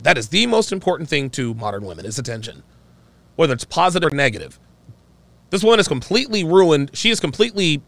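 A man hosts a talk podcast, talking with a mocking, opinionated edge. His pitch swings widely from low to high as he makes his points. The sound is dry and close. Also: a bit bright, no echo. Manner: mocking, mimics others in exaggerated voices. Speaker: podcast host. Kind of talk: opinionated commentary on a live call-in stream.

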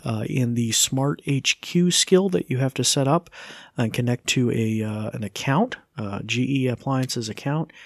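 A man hosting a podcast, explaining smart devices in a casual, halting way with many fillers. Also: mid-range voice, vocal fry, no echo, studio quality. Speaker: podcast host. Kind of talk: casual tech tutorial.

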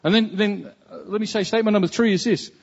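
Male pastor, slightly high husky voice, earnest conversational sermon, dull echoing hall recording. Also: steady tone, quick pace. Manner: earnest, conversational preaching with repetitions.

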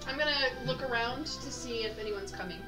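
A woman's voice: fairly high pitch, brisk. A woman playing in a tabletop game, thinking aloud tentatively as she plans her moves. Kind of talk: casual play talk. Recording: distant mic with loud music. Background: loud background music.

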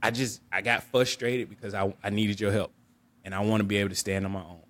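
Low-voiced man telling a personal story. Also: flat delivery, fast talker, a bit bright. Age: adult. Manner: earnest and reflective, often restarts and repeats words. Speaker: podcast co-host.

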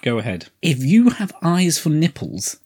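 A husky-voiced man trades sarcastic jokes about a film as a podcast co-host. His pitch swings widely, mock outrage rising and falling, and he drops into silly quoted voices. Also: wildly swooping pitch, measured pace, darkish tone. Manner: sarcastic, breaks into mock French-accented quotes. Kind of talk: casual comedic chat.

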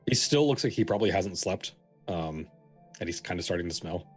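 Male game master, low voice, rambling casual narration over a faint music bed. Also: lively intonation, fairly quick, husky. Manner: loose, filler-heavy narration.

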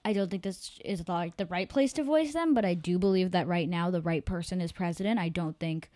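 A woman's voice: fairly low pitch, fairly quick, mellow, no room sound. Woman reading her story with small slips. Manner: amateur reading with slips and self-corrections. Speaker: podcast storyteller.

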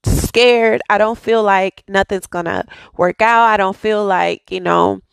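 A woman's voice: mid-range voice, steady tone, a little slow, creaky, smooth, no echo. A woman hosting a daily devotional, speaking with fervent, repetitive affirmations and casual asides to her listeners. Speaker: devotional host.

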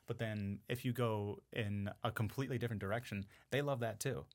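A man, a voice actor guest on a podcast, talking in a casual, animated way with lots of fillers. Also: lowish voice, moderate pace. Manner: animated, chatty, full of fillers.

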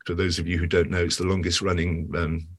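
A man's voice: deep voice, flat delivery, quick pace, a little hiss or hum. A man, an actor, chatting in an interview and telling stories with lots of asides and restarts. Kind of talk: casual interview chat.

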